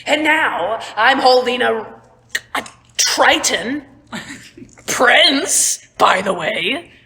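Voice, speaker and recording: A woman voicing an exasperated male dragonborn sailor who talks fast and flustered. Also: fairly high pitch, sing-song, creaky, a bit bright, voice pushed up, full character voice.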